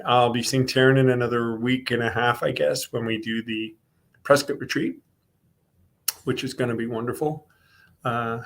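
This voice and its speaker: Chatty Northeastern American host, man. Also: mid-range voice. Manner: chatty, greets viewers by name. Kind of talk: casual online show chat.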